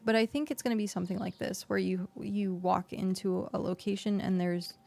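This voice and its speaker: A woman's voice: medium pitch, steady tone, brisk, creaky, a little mellow, slight background noise. A woman streamer chatting casually as she plays and explains a game, with lots of fillers, into a desk microphone. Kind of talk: casual gameplay commentary. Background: faint background music.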